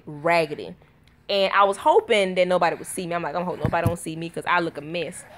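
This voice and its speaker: A woman's voice: on the low side, fairly bright tone. A woman chatting casually to her viewers at home, tired after a night of little sleep, telling a story in a loose, conversational way and calling her audience y'all. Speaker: vlogger.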